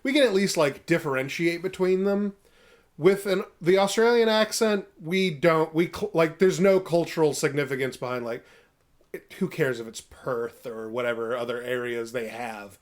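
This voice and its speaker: Rambling higher-voiced male co-host. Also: normal speed. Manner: rambling, self-deprecating, frequent fillers. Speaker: podcast co-host. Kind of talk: casual chat.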